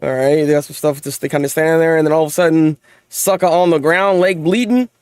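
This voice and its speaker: A young man hosting a live manga reaction and review, excitable, often stammering through repeated words and laughing. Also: a little high, fast, smooth, dry recording, studio quality.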